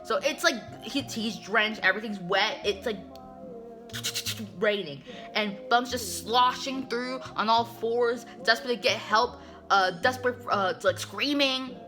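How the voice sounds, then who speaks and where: A woman hosting a casual comic recap, talking in a chatty, animated way with many fillers. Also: on the high side, a little slow, music in the background.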